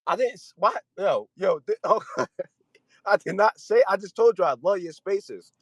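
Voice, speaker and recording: A man's voice: high-pitched, expressive, normal speed, no echo. Defensive male caller who repeats himself. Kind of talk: casual slang.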